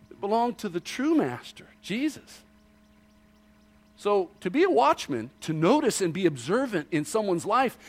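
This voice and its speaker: Animated man preaching a sermon. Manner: animated preaching with rhetorical questions, drops low and quiet for emphasis. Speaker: pastor.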